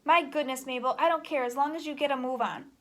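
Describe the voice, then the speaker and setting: A woman's voice: high voice, fast talker, close to an everyday voice. A woman voicing a bossy, impatient farmer's wife giving orders, read from a children's storybook. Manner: impatient, commanding.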